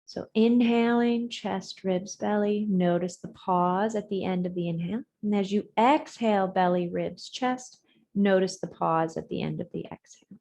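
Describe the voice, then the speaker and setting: Woman gently guiding a breathing practice. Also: mid-range voice, steady tone, a little hiss or hum. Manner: gentle, measured cues with soft trailing words. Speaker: yoga instructor. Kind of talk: guided breathing and yoga instruction. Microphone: video call.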